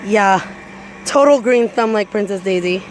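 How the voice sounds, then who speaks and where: A chatty woman strolls outdoors through her backyard, talking into a handheld phone camera. She repeats herself as she goes and now and then jumps into a high, delighted squeal. Her pitch is an ordinary middle for a woman, and the tone is easy and casual. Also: unhurried, slight background noise. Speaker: cosplayer giving a garden tour. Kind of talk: casual walking tour chat. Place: outdoors in a home backyard garden.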